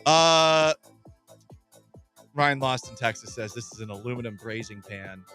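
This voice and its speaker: A man hosting a sports radio show, animated and jokey, reading listener comments aloud in casual chat. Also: medium pitch, a little slow, soft background music.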